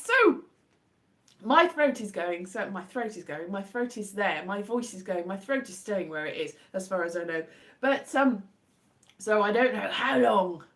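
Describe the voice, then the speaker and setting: A woman, hoarse from a cold and sore throat, chatting in a rambling, self-deprecating way on a casual live stream from home. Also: mid-range voice. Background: her own faint guitar strumming.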